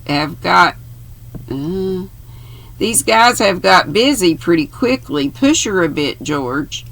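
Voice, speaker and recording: A woman's voice: on the low side, expressive, slow, vocal fry, a bit bright, heavily acted. A woman voicing a brash, slangy young American man reading from a novel. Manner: slangy, breezy.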